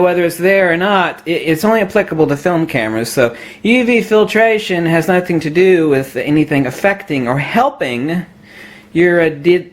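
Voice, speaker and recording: Talking to the camera, a photography vlogger rants about gear with strong opinions, lecturing forcefully and chuckling at his own humor. He adopts a fake Australian accent, tossing in "mate" again and again, and his voice is slightly high.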